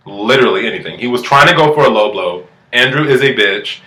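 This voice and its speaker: A man rattles through a reality TV recap in a bright, forceful voice, sassy and full of swearing. His voice bounces around an echoey room. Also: medium pitch, fairly quick, few pauses. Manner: profane, animated, sassy. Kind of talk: casual recap commentary.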